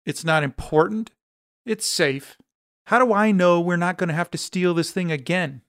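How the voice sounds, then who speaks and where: A man's voice: high voice, normal speed, smooth, no room sound, clean studio sound. A man voicing a ranting woman boss. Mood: furious. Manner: ranting, sharp-tongued. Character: angry demanding woman insurance boss.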